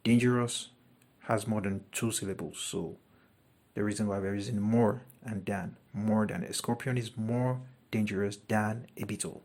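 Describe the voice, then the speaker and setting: A man teaching a grammar lesson. He talks deliberately and repeats each example sentence twice. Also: fairly low pitch, fairly even intonation, a little mellow.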